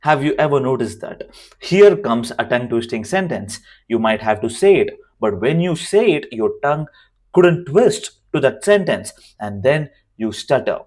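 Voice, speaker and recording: A man with a worn, hoarse voice giving an unscripted to-camera lesson as a communication coach, emphatic and repeating his key phrases. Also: mid-range voice, very animated, moderate pace, a little mellow.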